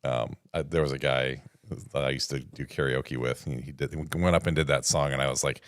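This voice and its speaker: A man's voice: a bass voice, steady tone, brisk, dry recording, studio quality. A man co-hosting a casual podcast livestream, telling stories and slipping into jokey quoted voices. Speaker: podcast co-host.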